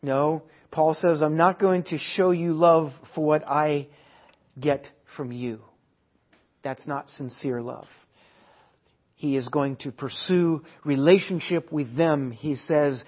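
A man preaching a sermon at a church service. He repeats key phrases and swings between quiet and loud delivery. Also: on the high side, animated, slow pace, slightly rough. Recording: dull lo-fi sermon recording.

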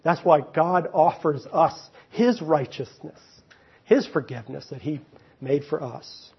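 A man preaching a sermon, swinging between loud emphasis and quiet, near-whispered moments. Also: fairly high pitch, expressive, a little slow, vocal fry, slightly rough, lo-fi sound. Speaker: pastor.

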